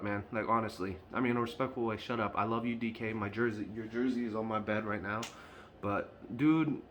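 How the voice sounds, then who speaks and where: A man's voice: fairly low pitch, a bit bright, slight background noise. A man talking straight to camera in an unscripted fan vlog, frustrated and emphatic, often repeating his points. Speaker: sports fan vlogger.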